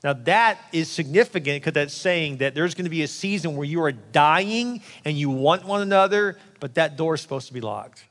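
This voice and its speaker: A male pastor preaching a sermon in a candid, joking way, acting out the voices of the people he quotes. His voice sits a little high for a man. It rings with the long reverb of a big hall. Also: expressive, normal speed, few pauses, fairly bright tone.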